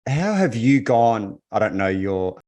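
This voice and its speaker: A male podcast host with a very low voice puts his questions casually, using slang and easing into each thought. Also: big pitch swings, slow pace, darkish tone. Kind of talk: podcast interview.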